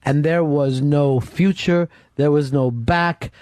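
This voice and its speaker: A man hosting a radio talk show, telling profane, animated stories from his past. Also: a little high, slow pace, no room sound. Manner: animated, swears constantly, acts out voices in stories. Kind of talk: profane storytelling chat. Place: radio studio.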